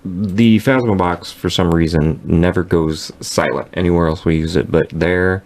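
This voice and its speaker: A deep-voiced American man hosts a casual podcast chat. He talks in a relaxed, loose way and drops in fillers as he goes. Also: moderate pace. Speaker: podcast host.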